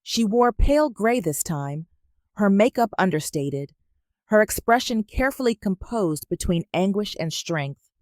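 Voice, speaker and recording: A woman narrating a romance story in a measured, even reading. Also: medium pitch, no room sound, clean studio sound.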